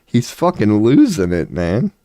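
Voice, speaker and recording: A man's voice: lowish voice, wildly swooping pitch, unhurried, mellow, no room sound, studio quality. A man giving a casual, profane, sarcastic rant, with short laughs between his points. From United States. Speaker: commentary vlogger. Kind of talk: casual ranting commentary.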